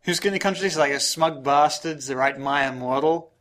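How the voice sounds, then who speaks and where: A man's voice: on the high side, fairly quick, a bit bright. A man co-hosting a podcast, playful and teasing in casual chat. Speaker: podcast co-host.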